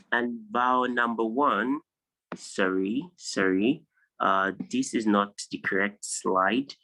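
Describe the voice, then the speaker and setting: A man's voice: on the low side, bright, forceful tone, poor audio. A man with a Nigerian English accent, teaching a pronunciation lesson over a video call and patiently repeating each word so students can drill it. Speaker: English tutor.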